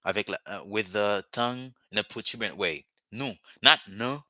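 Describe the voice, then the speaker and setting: A man's voice: fairly low pitch, a little fast, bright, forceful tone, dry recording. A man, a Creole speaker, teaching a live online language lesson over a video call and patiently repeating words for drilling. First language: Haitian Creole.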